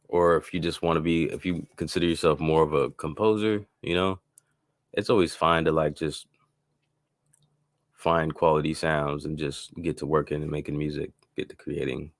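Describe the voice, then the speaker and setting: A man with an extremely low, gravelly voice walks through his beat-making process in a casual live-stream tutorial. He rambles loosely, with plenty of fillers and restarts. The sound is dry and close, with no room around it. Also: normal speed, no echo.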